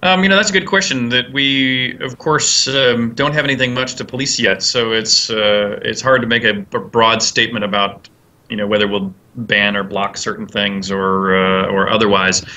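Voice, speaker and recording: A man's voice: on the low side, fairly even intonation, normal speed, sharp tone. A man, a game designer, answering interview questions and telling a long anecdote with many fillers and restarts. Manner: rambling, many fillers and restarts, acts out quotes.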